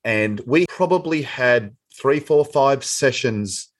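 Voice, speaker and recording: Guy hosting a chat podcast, kinda husky breathy voice, laughs along a lot. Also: medium pitch, animated, slow pace. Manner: warm, encouraging, laughs along. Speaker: podcast host. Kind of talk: casual podcast interview.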